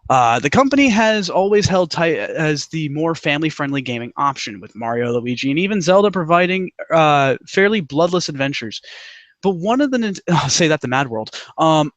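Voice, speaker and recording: Male podcast host, relaxed trivia reader, slightly raised pitch, dry recording. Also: normal speed, no room sound. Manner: easygoing, laughs often. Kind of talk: casual chat, reading out trivia.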